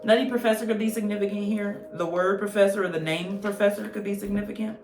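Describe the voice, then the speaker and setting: A woman's voice: mid-range voice, fairly even intonation, fast talker. A woman giving a casual tarot reading, blunt, slangy and profane, joking as she goes. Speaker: tarot reader. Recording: roomy echo with faint music.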